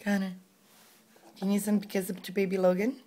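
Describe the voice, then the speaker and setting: A woman's voice: mid-range voice, level tone, moderate pace, dark tone, a little hiss or hum. A pregnant mother filming at home, coaxing her toddler with sing-song, encouraging questions.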